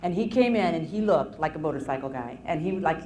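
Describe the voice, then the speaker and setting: A woman lecturing on anxiety at a live seminar, telling case stories in an animated way with frequent restarts. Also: low-pitched, brisk, crowd noise. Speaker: anxiety self-help lecturer. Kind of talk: live motivational seminar talk.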